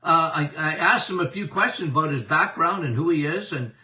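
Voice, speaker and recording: A man's voice: a little high, animated, a little fast, bright, forceful tone, recorded from a distance. An older man, a doctor hosting a podcast, talking casually about health and speaking straight to his listeners in a folksy way. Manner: folksy, addresses listeners directly.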